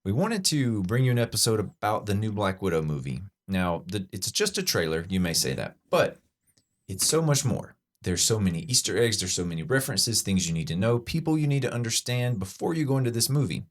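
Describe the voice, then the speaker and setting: A man's voice: lowish voice, big pitch swings, fairly quick. A man hosting a podcast, chatting enthusiastically with lots of fillers and restarts. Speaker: podcast host. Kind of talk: casual chat breaking down a trailer.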